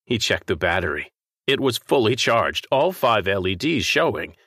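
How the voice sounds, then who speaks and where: A man narrating a fiction story in a steady, expressive reading voice. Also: on the low side, moderate pace, no echo, clean studio sound. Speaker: story reader.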